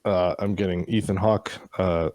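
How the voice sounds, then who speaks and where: A man's voice: deep voice, steady tone, normal speed, a little mellow, dry recording. A man co-hosting a casual show recap, retelling scenes with mocking voices and casual swearing. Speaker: podcast co-host.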